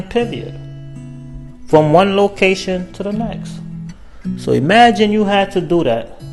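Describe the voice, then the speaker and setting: A man offers casual commentary in an earnest way, repeating himself to drive points home. His voice sits a little high with a gravelly texture, over faint music.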